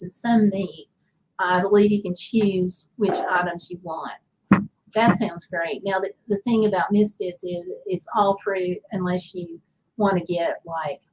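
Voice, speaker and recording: On a casual livestream, a woman speaks at a medium pitch in a Southern accent, chatting loosely and reading her viewers' comments aloud as she rambles along. There's slight background noise, and the audio quality is low.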